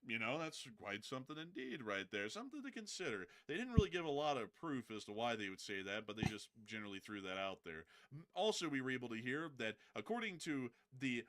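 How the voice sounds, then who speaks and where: A man hosts a casual live news commentary stream at an ordinary, mid-range pitch. He slips joking asides into the updates. He corrects himself quickly when he gets a detail wrong. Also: big pitch swings, a bit bright.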